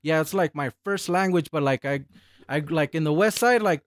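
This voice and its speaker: A man's voice: on the high side, normal speed, no room sound, studio quality. A man in his forties, a Spanish speaker from birth, from El Paso, chatting casually as a guest, loose and profane with many filler words. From El Paso, Texas. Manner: laid-back, profane, full of filler words. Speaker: guest, hip hop producer. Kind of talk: casual podcast chat.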